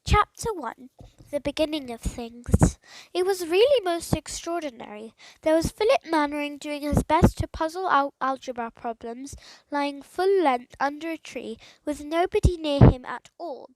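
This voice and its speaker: High-voiced woman reading a storybook. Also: lively intonation, normal speed, darkish tone, dry recording, poor audio. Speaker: audiobook narrator. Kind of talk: storybook narration.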